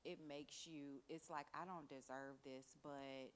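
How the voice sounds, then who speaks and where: A woman's voice: low voice, fairly even intonation, a little slow, clear, resonant tone. A woman in a Bible study group, sharing a reflective, earnest thought. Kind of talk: casual group discussion.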